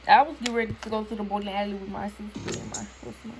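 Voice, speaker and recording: A woman's voice: medium pitch, big pitch swings, racing, creaky, noisy background. A young woman reacting to her old videos in a chatty, giggly way, talking straight to her viewers. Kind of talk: casual reaction chat. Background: music.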